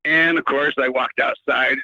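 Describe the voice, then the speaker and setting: A man's voice: mid-range voice, fairly even intonation, measured pace, creaky, sharp tone, dry recording. A man calling in to a radio show, rambling with many fillers and restarts. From United States. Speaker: caller. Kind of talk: rambling call-in rant. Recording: muffled phone line into radio.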